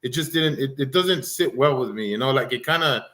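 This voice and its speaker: A man from the US West Coast, hosting a livestream and chatting casually, stammering through halting restarts. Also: medium pitch, sharp tone. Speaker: livestream host. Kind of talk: casual stream chat.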